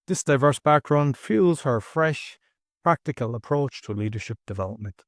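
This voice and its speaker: A man's voice: medium pitch, lively intonation, normal speed, no echo, studio quality. An Irish man hosting a podcast, reading an intro and chatting loosely with many restarts. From Ireland. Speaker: podcast host. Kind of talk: casual podcast interview.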